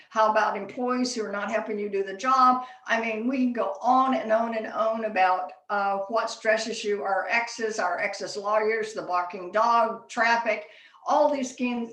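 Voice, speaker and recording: A woman's voice: a little high, a bit bright. A woman giving a workplace leadership presentation at a chapter meeting, talking conversationally and telling stories with frequent fillers. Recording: echoey room, distant from mic.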